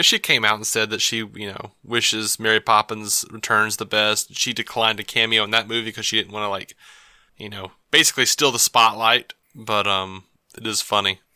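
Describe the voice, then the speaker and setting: A man's voice: fairly low pitch, steady tone, normal speed, sharp tone, smooth, no echo, clean studio sound. A man co-hosting a film podcast, chatting casually and passing on news with joking asides. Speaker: podcast co-host. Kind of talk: casual chat.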